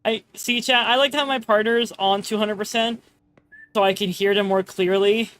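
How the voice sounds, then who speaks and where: A woman's voice: mid-range voice, steady tone, normal speed, fairly bright tone. Chatty, laughing woman streamer. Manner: chatty, laughs often, swears playfully. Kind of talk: casual live-stream chat while gaming.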